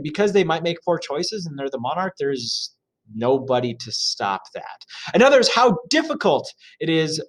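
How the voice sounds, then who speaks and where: Chatty man teaching with a lively voice. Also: fairly high pitch. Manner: chatty, jokey asides, frequent fillers. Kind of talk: reading and explaining a lesson.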